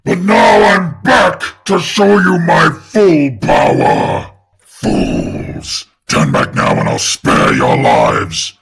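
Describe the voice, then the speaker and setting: A pompous male villain boss from a video game. His voice is heavily gravelly and raspy, swooping wildly up and down as he gloats and threatens at a slow, deliberate pace. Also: mid-range voice, a bit bright, heavily acted. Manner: pompous, theatrical. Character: boastful male villain boss, menacing and theatrical.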